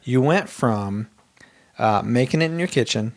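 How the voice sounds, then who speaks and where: Man, podcast co-host, casual chat, animated, frequent restarts, acted-out quotes. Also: mid-range voice, a little slow.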